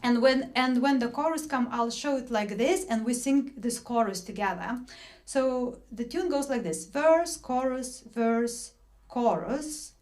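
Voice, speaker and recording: A woman's voice: a little high, normal speed. A woman leading an online singing workshop over a video call, explaining patiently with frequent fillers and restarts.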